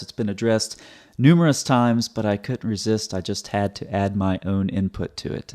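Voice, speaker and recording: A man's voice: lowish voice, darkish tone. A man hosting a video commentary, explaining step by step in a methodical, sarcastic way, often repeating words.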